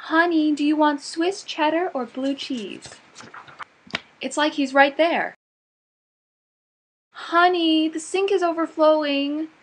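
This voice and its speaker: A woman playing a cheerful housewife in a mock commercial, with a chirpy sales-pitch delivery. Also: steady tone, takes it slowly, long pauses, slight background noise.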